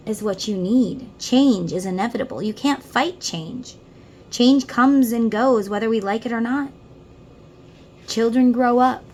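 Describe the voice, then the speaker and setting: A woman's voice: a little high, a little mellow, a little hiss or hum. A middle-aged woman giving a casual tarot reading, talking earnestly and straight to the listener. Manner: earnest, heartfelt, addresses the listener directly. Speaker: tarot reader.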